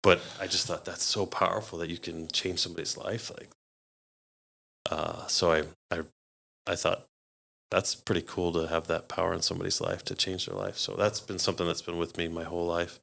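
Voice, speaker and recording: A man's voice: sits low, brisk, creaky. A man, a podcast guest, telling stories in a casual way and acting out the people he quotes. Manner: animated, acts out quoted voices with laughs. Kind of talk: casual storytelling.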